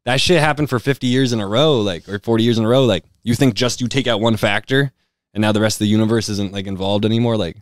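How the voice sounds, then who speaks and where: Brief: man, low voice, casual rambling storyteller, dry close sound. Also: quick pace, dry recording. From Western Massachusetts. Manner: loose storytelling with lots of fillers. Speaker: guest rapper. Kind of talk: casual interview chat. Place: house, indoors.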